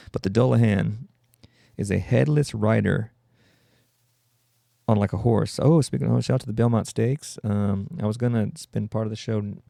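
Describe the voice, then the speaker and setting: A man's voice: lowish voice, gravelly, warm tone, dry recording, clean studio sound. A man hosting a podcast, riffing through a rambling, profane comedic monologue and interrupting himself constantly. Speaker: podcast host.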